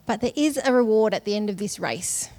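A middle-aged woman delivers a sermon. She keeps it conversational and personal, and breaks into light laughs between phrases. Her voice sits at an ordinary pitch for a woman. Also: expressive, fairly quick, dark tone. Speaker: conference speaker.

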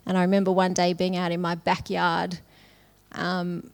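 A woman's voice: lowish voice, monotone, moderate pace, gravelly. Aussie woman preaching, middle-aged, chatty and laughy, talks like she's telling a friend. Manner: conversational, laughs often between phrases. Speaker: conference speaker. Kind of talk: sermon.

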